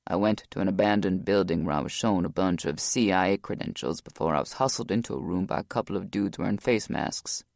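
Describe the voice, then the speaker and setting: A man playing a ex-SEAL, gravelly, low and weary, dry close mic. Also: a little fast, hardly any pauses, a little mellow, dry recording. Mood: guarded, weary. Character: grieving former male Navy SEAL, Cajun.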